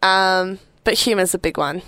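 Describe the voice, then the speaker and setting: A woman's voice: medium pitch, normal speed, no echo. A young woman co-hosting a casual podcast chat, teasing and laughing often. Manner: giggly, animated, teasing. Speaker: podcast co-host.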